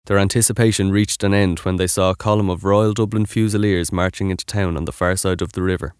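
A man giving scripted documentary narration in an even, informative way. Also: deep voice, fast talker, clean tone, no echo, clean studio sound.

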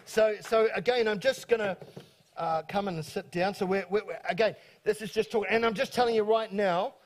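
A high-pitched man leading a church gathering as host pastor. He talks fast and eagerly, tripping over his words and restarting sentences as he goes. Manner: fast, excitable, stumbling restarts. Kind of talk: church talk introducing guests.

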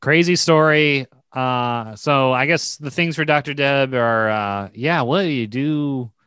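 A man co-hosting a casual podcast, throwing in quick jokes and follow-up questions while his friend tells a story. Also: medium pitch, fairly bright tone, smooth, no echo, clean studio sound. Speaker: podcast co-host.

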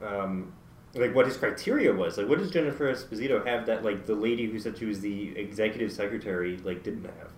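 A man's voice: lowish voice, fairly quick, roomy sound, slight background noise. A man co-hosting a podcast, chatting casually with wry, teasing banter. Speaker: podcast co-host. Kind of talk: casual chat.

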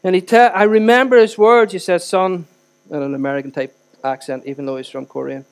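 Middle-aged pastor preaching, pretty high voice, earnest, goes loud then quiet. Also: male voice, level tone, quick pace. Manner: earnest, emphatic, swings between loud and soft. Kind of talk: sermon.

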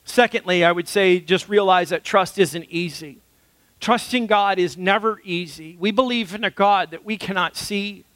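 Earnest high-voiced male pastor. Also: normal speed, a bit bright, no echo. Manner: earnest, storytelling with fillers. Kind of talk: sermon.

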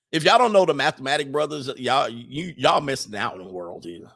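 A young man hosting a casual livestream, reading viewer messages aloud and riffing on them, animated and laughing often. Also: medium pitch, normal speed, gravelly. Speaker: livestream host reading super chats.

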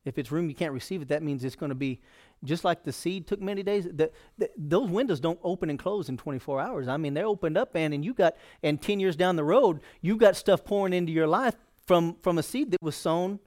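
A man's voice: a little high, animated, a little fast, darkish tone. A male pastor preaching a sermon in a folksy, conversational way.

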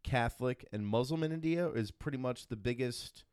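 A man's voice: mid-range voice, moderate pace, a little mellow, clean tone, dry recording, studio quality. A man hosting a casual podcast chat, laughing often and telling loose, profane stories. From from an Irish family. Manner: laughs often, swears, tells loose anecdotes. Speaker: podcast host.

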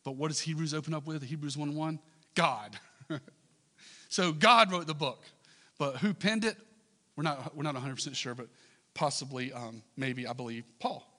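A man's voice: on the high side, normal speed, sharp tone. A male pastor preaching a sermon in a church. He talks in a conversational way and builds to emphatic repeated questions. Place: church sanctuary. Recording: long hall reverb.

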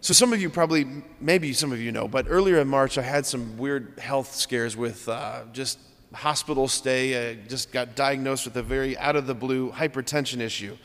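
A man's voice: medium pitch, moderate pace, a bit bright, big-room sound. A man in his thirties, a priest giving an earnest, conversational homily and asking rhetorical questions. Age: 30s. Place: church.

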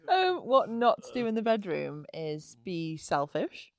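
A woman guest on a podcast, chatting candidly and giggling, with lots of drawn-out filler words. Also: medium pitch, big pitch swings, no room sound. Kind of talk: casual chat.

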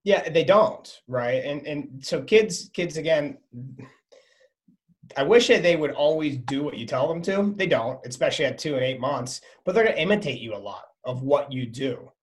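Animated storytelling man, slightly high. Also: moderate pace. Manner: animated storytelling, acts out his son. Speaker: podcast guest. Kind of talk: casual interview chat.

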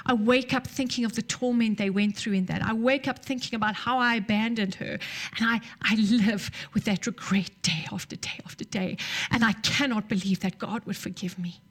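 A woman preaching a sermon, telling a story and dropping to soft near-whispers at tender moments. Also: mid-range voice.

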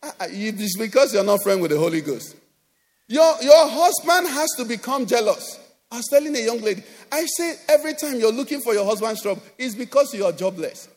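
A man with a Nigerian accent preaching a sermon as pastor, animated, acting out quoted voices and often asking "do you understand?". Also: extremely high pitch, brisk. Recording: long hall reverb.

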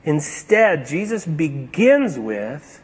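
Husky-voiced man preaching with dynamic swings. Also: on the high side, very animated, extremely slow. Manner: dynamic preaching that swings between emphatic and hushed. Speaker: pastor. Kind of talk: sermon.

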